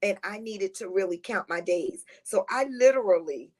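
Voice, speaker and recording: A middle-aged woman who is a guest on a talk show. She tells heartfelt, rambling personal stories in a lively, positive, high-energy way. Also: moderate pace. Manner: rambling, heartfelt storytelling with restarts. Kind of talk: casual conversational interview.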